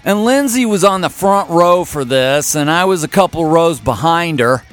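A man's voice: fairly high pitch, animated, moderate pace, faint music behind. A man in his fifties from Kansas City telling a casual, wry and folksy story as a podcast host. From Kansas City area, USA. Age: 50s. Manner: folksy, wry and self-mocking.

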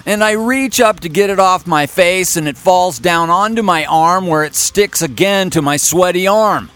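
A man's voice: high-pitched, normal speed, fairly bright tone. Wry, folksy man in his fifties. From Kansas City area, USA. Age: 50s. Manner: folksy, wry and self-mocking. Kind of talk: casual storytelling monologue.

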